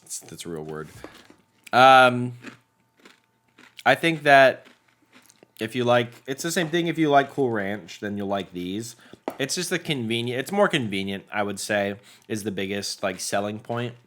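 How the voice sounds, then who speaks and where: A man's voice: medium pitch, lively intonation, unhurried, long pauses, fairly bright tone. A young man co-hosting a snack-tasting podcast, chatting casually in a rambling, jokey way and laughing often. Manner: laid-back, rambling, jokey with frequent laughs. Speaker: podcast co-host.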